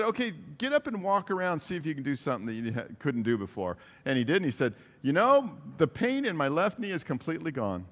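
A man's voice: medium pitch, fairly bright tone. Man preaching in a reverberant hall. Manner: earnest, retells stories with quoted dialogue. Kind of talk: sermon storytelling.

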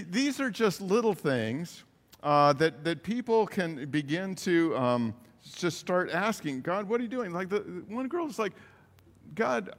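A man's voice: a little high, fairly bright tone. Man preaching in a reverberant hall. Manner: earnest, retells stories with quoted dialogue. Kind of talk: sermon storytelling.

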